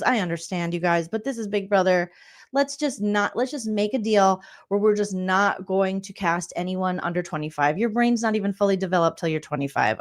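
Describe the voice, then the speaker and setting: A woman in her forties, a comedian, doing a sarcastic, exasperated reaction rant with plenty of swearing. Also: mid-range voice. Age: 40s.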